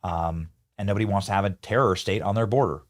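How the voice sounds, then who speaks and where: A man's voice: lowish voice, quick pace. A man hosting a live political commentary show, riffing animatedly and talking to his producers and chat.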